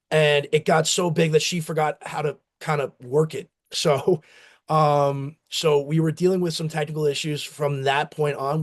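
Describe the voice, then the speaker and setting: A man, a company founder from the United States, telling rambling stories with acted-out quotes in a casual interview. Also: on the high side. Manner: rambling, anecdotal, acts out family quotes.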